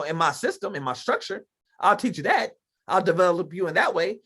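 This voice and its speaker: A man's voice: fairly high pitch, a bit bright. A man hosting a podcast over a video call, talking emphatically with many fillers about work and faith. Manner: emphatic, conversational, lots of fillers. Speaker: podcast host. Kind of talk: casual faith-based talk on a video call.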